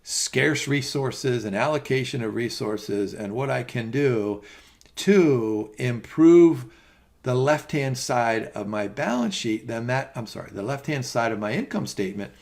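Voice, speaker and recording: A man's voice: medium pitch, normal speed, vocal fry, few pauses. A middle-aged man teaching a finance exam prep lecture in a conversational, rambling way with many fillers and asides. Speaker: finance instructor. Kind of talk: recorded lecture.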